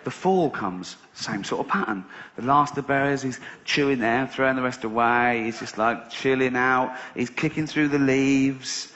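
A man's voice: medium pitch, normal speed, few pauses, fairly bright tone. A man doing stand-up, telling a rambling, sweary story with sarcastic asides. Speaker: stand-up comedian. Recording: slightly dull live recording.

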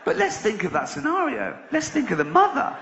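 A man's voice: very high voice, huge pitch swings, a little fast, creaky, background noise. A middle-aged man from England doing a stand-up comedy routine, conversational and swearing freely, often laughing at his own jokes. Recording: echoey dull live venue recording.

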